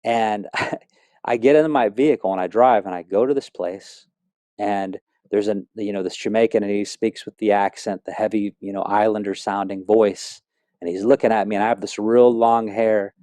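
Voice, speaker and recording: A man's voice: on the low side, steady tone, moderate pace, dark tone, no echo. A middle-aged man telling his personal faith testimony in an earnest, rambling way, with many fillers and restarts. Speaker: speaker sharing a testimony.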